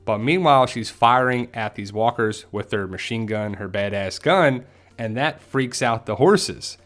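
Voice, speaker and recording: A man's voice: mid-range voice, a little slow. A man giving a casual, chatty episode recap and theory commentary, often acting out the characters' lines. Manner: chatty, animated, acts out quotes. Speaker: TV show commentator.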